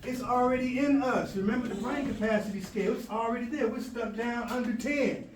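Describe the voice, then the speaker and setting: A man's voice: very high voice, brisk. A man, a language arts teacher, giving an emphatic motivational talk to students, acting out quoted exchanges and playing with rhymes. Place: school presentation room. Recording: echoey room from far off, with noise.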